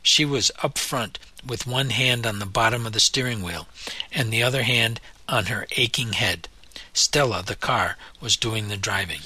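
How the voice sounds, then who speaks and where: A man narrating a novel in a measured storytelling manner. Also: on the low side, sharp tone, husky, no room sound. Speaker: audiobook narrator. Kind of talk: scripted narration.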